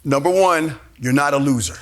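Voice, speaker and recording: A man's voice: fairly high pitch, normal speed, a little hiss or hum. Profane, emphatic man giving a motivational talk. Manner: blunt, profane, emphatic and repetitive. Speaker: speaker at a men's seminar. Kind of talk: motivational talk with audience questions.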